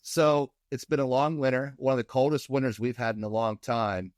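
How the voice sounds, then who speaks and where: A man's voice: medium pitch, fairly even intonation, no room sound. An upbeat man hosts a casual podcast chat and laughs easily with his guests. His voice sits in the middle range and sounds dry and close to the mic. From Indiana, USA. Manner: upbeat, laughing, quick introductions. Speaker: podcast host.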